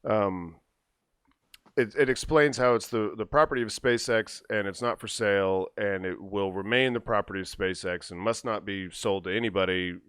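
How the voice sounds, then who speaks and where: A low-voiced man hosts a podcast and calmly walks his co-hosts through tech news in a loose, conversational style. His voice is recorded dry and close, with no room echo. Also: moderate pace, clean tone. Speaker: podcast host. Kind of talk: casual chat.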